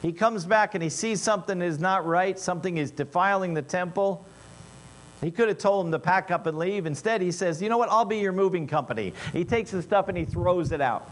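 A man delivering a sermon with a somewhat high-pitched voice, shifting between low, wry asides and loud, emphatic bursts. A faint mains hum sits under the recording. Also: normal speed. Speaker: preacher.

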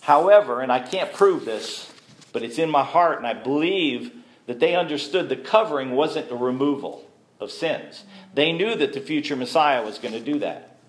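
A man's voice: medium pitch, lively intonation, normal speed. A man teaching a sermon to a congregation, conversational and asking the listeners questions. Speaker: messianic teacher. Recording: echoey room.

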